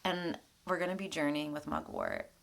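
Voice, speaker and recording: A woman spiritual mentor giving a weekly tarot reading at her home altar, speaking gently and conversationally, often laughing. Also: sits low, huge pitch swings, moderate pace, gravelly.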